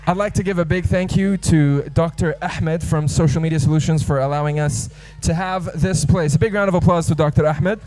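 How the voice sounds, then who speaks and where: A man's voice: a little high, steady tone, fairly quick, hardly any pauses, rough recording. A young man emceeing a live comedy show, joking playfully and hyping up the crowd before he introduces the acts. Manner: playful, hypes the crowd, loud and rising when introducing acts. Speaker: master of ceremonies. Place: live comedy venue with audience.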